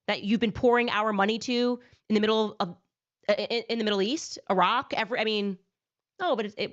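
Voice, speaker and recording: A woman's voice: on the high side, fairly bright tone. Scornful woman commentator, lo-fi audio. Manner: sarcastic, scornful. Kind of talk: political commentary on a livestream. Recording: dull lo-fi clip audio.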